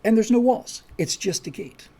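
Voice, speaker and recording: A man's voice: high voice, normal speed, gravelly, dark tone. A man hosting a live stream, talking casually and rambling with many restarts and asides. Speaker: host.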